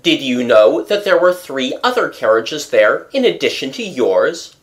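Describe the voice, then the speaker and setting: A reader voicing a self-satisfied police commissary who questions and lectures in a measured way. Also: medium pitch, big pitch swings. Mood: probing. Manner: measured, lecturing, pleased with himself.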